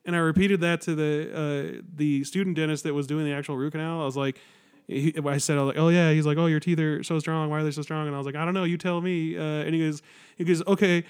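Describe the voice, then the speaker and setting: A man's voice: on the high side, steady tone, quick pace, darkish tone, clean tone. A young man co-hosting a podcast, telling wry rambling anecdotes in casual chat. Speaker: podcast co-host.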